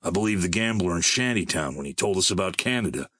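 Sheepish young male drifter, mild and subdued, low, dry and close , read by a male narrator. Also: lively intonation, fast, a bit bright, husky, no echo, exaggerated voice.

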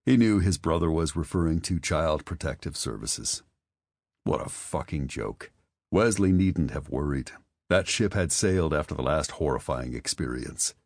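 Very deep-voiced male audiobook narrator. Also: animated, normal speed, no echo. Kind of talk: scripted narration.

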